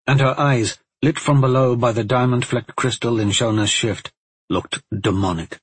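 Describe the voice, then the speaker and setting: Low husky guy reading a fantasy audiobook, slow hushed delivery, dry close mic. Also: expressive, no room sound, rough recording. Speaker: narrator. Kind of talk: audiobook narration.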